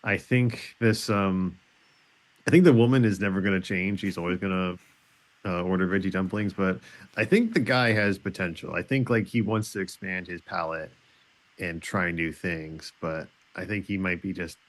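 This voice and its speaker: A man's voice: low voice, normal speed. A man co-hosting a podcast in casual chat, hesitant and curious, reading a listener letter aloud with halts.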